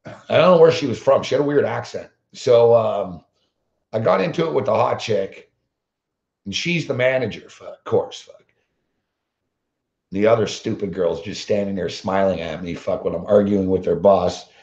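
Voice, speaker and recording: A man's voice: fairly low pitch, normal speed, creaky, a little mellow. A man hosting a sports betting show, telling a long story as a blunt, combative rant full of swearing. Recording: roomy, dull lo-fi sound.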